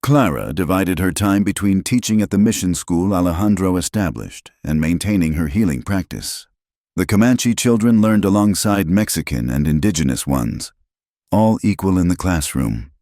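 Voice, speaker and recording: A man reading a frontier tale as scripted narration in an even storytelling manner. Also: sits low, moderate pace, no room sound, clean studio sound.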